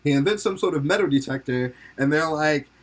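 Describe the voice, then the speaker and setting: A man's voice: fairly high pitch, lively intonation, brisk. A young man hosting a podcast, rambling and joking in casual commentary, laughing often and swearing freely. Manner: slips into silly put-on voices for quotes. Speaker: podcast host.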